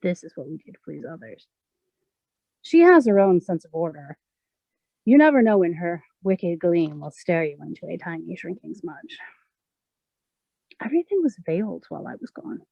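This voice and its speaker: Woman poet, measured expressive reading, creaky tone, close dry mic. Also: fairly low pitch, no echo, lo-fi sound. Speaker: poet reading her own work. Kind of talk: poetry reading.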